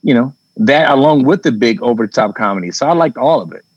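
Animated man telling comedy stories. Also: medium pitch, fast, husky, no echo, lo-fi sound. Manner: animated storyteller, swears casually, acts out quotes. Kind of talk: casual chat.

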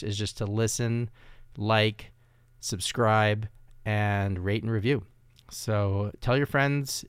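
A man's voice: mid-range voice, clean tone, no echo, studio quality. A man hosting his own podcast, talking in a casual, self-mocking, rambling way. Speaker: podcast host. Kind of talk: casual podcast monologue and chat.

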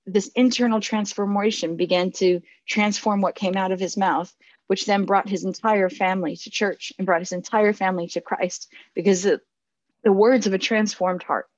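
A woman in her forties, a pastor giving a sermon, earnest and reflective, often restarting her sentences and laughing softly. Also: mid-range voice, steady tone, normal speed, dry recording, dull audio.

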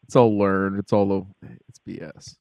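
A man hosting a talk show, chatting loudly and teasing his guest with laughs, on a close studio mic. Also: low-pitched, fairly even intonation, normal speed, gravelly, no echo. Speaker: host. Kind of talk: casual chat.

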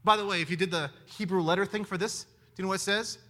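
A man preaching a sermon in an animated way, firing rhetorical questions at his listeners. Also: sits high, fast. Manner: animated, asks the audience many rhetorical questions.

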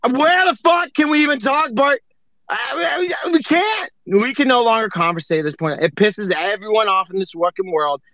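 Brief: high-voiced man, profane and rambling, hosting a casual online chat; tight, bright tone. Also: normal speed, no echo, low-quality recording. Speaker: host. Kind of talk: casual chat on an audio stream.

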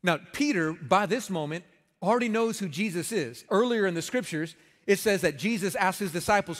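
A man's voice: high voice, expressive, brisk, big-room sound. A man preaching a sermon in a conversational, emphatic way, with folksy humor. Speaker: pastor.

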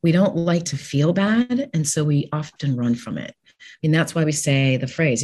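A woman with a slightly low, breathy-husky voice talks openly in a podcast conversation. She is frank and warm. She laughs easily and jokes darkly. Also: lively intonation, measured pace. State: widowed. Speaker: guest. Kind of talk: candid conversation about grief.

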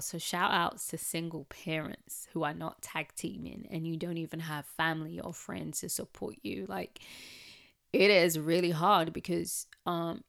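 A woman with a lowish voice and a gravelly, fry-tinged edge talks through her experience of raising her nieces. She speaks candidly and reflectively, peppering her sentences with "like" and "um" in a relaxed personal chat. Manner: candid, chatty, with frequent "like" and "um".

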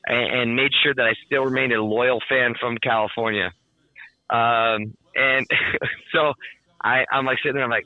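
A man's voice: mid-range voice, a little slow, no room sound. Hyped-up guy telling a story, swears nonstop, says like a lot, dry dull-ish sound. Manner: excitable, swears constantly, "like"-heavy chatter. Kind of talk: casual storytelling.

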